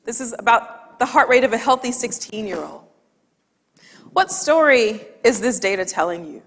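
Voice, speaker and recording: Higher-voiced woman telling a funny story in a hall. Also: moderate pace. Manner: lively, laughs at her own anecdote. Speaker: speaker giving a stage talk. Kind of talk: humorous storytelling talk. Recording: long hall reverb from a stage talk.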